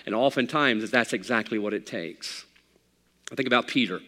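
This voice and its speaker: A man preaching a sermon as pastor, swinging from hushed, quiet passages to loud, fervent outbursts. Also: mid-range voice, moderate pace. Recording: long hall reverb.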